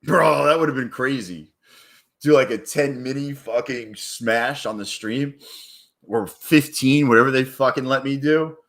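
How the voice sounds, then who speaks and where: A man live-streaming his day trading, chatting casually and excitably, with plenty of swearing and hype. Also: mid-range voice, a little slow, creaky. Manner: excitable, profane, hypes up his wins; rambling and casual.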